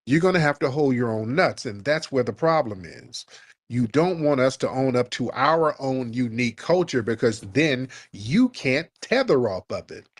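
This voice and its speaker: Host, male, mid-pitched, mocking and heated, dry studio sound. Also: lively intonation, normal speed, dry recording. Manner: mocking, ranting. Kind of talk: heated call-in debate.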